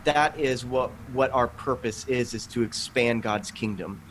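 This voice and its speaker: Earnest man in his thirties, animated. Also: medium pitch, unhurried, a little hiss or hum. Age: 30s. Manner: earnest, animated storytelling with quoted asides. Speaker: podcast guest, author. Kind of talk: conversational interview.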